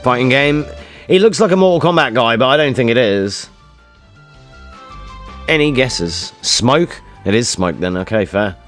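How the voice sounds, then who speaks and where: A man's voice: medium pitch, lively intonation, unhurried, long pauses, a bit bright, soft background music. A male streamer chatting casually with his viewers, joking around and swearing a lot. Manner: joking, swearing, reacting to chat. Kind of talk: casual live-stream chat.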